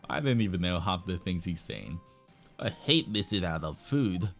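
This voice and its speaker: A man's voice: deep voice, lively intonation, unhurried, fairly bright tone, soft background music. A young man streaming a game, thinking aloud in a puzzled, laughing way. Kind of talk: casual game commentary.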